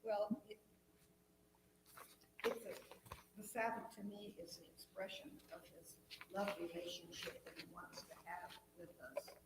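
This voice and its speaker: A class member answering in a church Bible class, with soft, partly whispered remarks. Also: mid-range voice, steady tone, a little slow, pauses often. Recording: distant, roomy, noisy.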